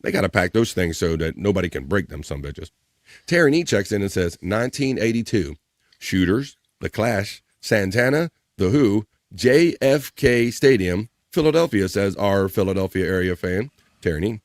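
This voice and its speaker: A man's voice: on the low side, lively intonation, normal speed, no room sound, clean studio sound. A man hosting a live stream in a casual, playful way. He reads out viewer comments and jokes with the chat. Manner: playful, jokey, shouting out viewers by name. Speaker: live-stream show host.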